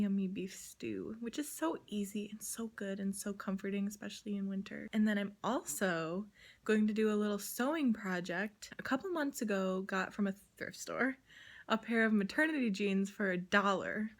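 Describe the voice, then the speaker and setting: Chatty young woman with a gravelly edge. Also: mid-range voice, lively intonation, moderate pace. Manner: chatty, lots of "like" fillers, drops into soft whispery asides. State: pregnant. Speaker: vlogger. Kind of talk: casual vlog chat. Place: her home.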